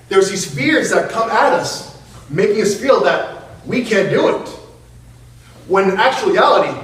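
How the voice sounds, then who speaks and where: High-voiced man in an echoing hall. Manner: playful, self-mocking, laughs often. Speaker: public speaker. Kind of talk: storytelling motivational speech. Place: hall with an audience. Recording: echoey hall, mic far off.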